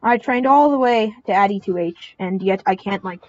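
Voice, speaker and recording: A young woman commentates her own online game, squealing excitably, crying out in panic, and repeating short phrases over and over. Her voice is medium-pitched at normal speed, and the recording is muffled.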